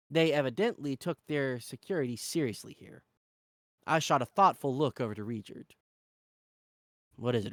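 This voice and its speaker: A man reading a fantasy novel aloud in an expressive, animated way. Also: on the high side, no echo, studio quality. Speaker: reader.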